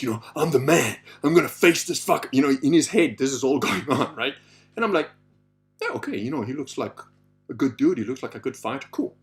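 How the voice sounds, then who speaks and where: Man, mid-pitched, storyteller who swears and acts out his own thoughts; faint music bed. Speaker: speaker. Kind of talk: animated storytelling.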